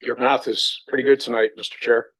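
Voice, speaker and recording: A man's voice: mid-range voice, little pitch movement, fairly quick, a bit bright, dry recording. A man, a city councillor, speaks in a folksy, wry way during a council debate in a council chamber.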